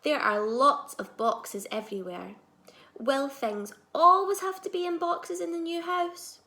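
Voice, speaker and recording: Slow, expressive woman reading a storybook. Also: sits high, roomy sound. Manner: slow, expressive, shifting between soft and loud. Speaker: teacher reading aloud. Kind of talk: storybook read-aloud.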